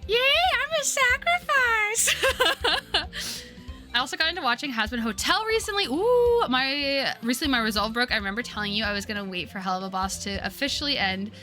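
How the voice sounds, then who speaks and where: A woman in her twenties chatting casually while streaming a game, talking in a giggly, upbeat voice she keeps high out of long habit from customer service. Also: expressive, quick pace, hardly any pauses, pushed and bright, soft background music. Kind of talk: casual chat while gaming.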